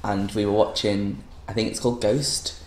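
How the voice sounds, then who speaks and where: A man's voice: on the low side, steady tone, normal speed. Young Scouse man, echoey room. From Liverpool, England. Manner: rambling, self-deprecating storyteller, laughs often. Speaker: podcast co-host. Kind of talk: casual chat. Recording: echoey room, faint noise.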